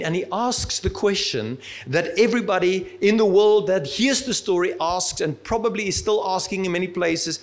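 A man's voice: high-pitched, animated, normal speed, few pauses. A male preacher giving a sermon in a conversational, humorous storytelling manner.

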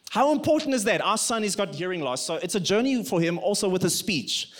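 A middle-aged pastor preaching a sermon in an earnest, conversational way, mixing teaching with family stories. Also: male voice, high-pitched, sing-song, brisk, a bit bright.

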